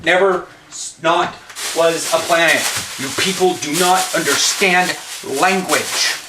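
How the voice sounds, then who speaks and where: A man's voice: fairly high pitch, takes it slowly. A man chatting casually in a vlog, rambling from topic to topic while he shops and then heads home. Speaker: vlogger. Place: shops, butcher and car, in and out. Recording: noisy handheld camera audio.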